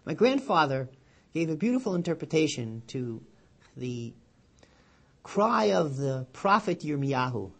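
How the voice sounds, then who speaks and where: A man, a rabbi, giving a weekly Torah sermon, telling a story with lively quoted voices and then dropping low and quiet to draw the lesson. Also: measured pace, vocal fry, slightly rough. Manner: animated storyteller, loud and high when quoting.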